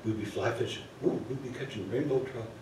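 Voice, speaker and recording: A man's voice: mid-range voice, brisk, noisy background. A man telling a story live on a theater stage, chatting with the audience through asides. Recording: echoey theater from far off.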